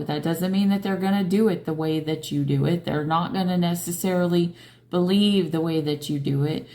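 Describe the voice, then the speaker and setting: A woman's voice: fairly low pitch, mellow. A woman giving a tarot reading in a casual, conversational way, tired and yawning as she talks to her viewers. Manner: slow, conversational, coaxing questions to viewers. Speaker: tarot reader.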